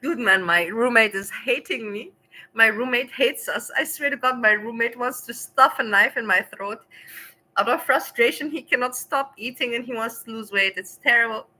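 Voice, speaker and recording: Chatty livestreaming woman, bright voice. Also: on the high side, moderate pace, rough recording. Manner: rambling, laughs often, talks back to chat. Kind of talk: casual livestream chat to viewers.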